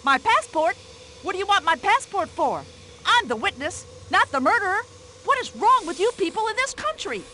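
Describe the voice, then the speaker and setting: Brassy older American widow, game role, bright lively nagging voice. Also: female voice, very high-pitched, normal speed, a little hiss or hum, full character voice. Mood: indignant. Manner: indignant, nosy, fussy complaining chatter. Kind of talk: video game voice acting.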